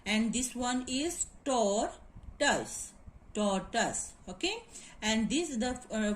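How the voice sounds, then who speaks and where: A woman's voice: fairly high pitch, slight background noise. A woman giving a classroom lecture, repeating each word and spelling the sounds out letter by letter. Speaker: teacher. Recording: echoey room.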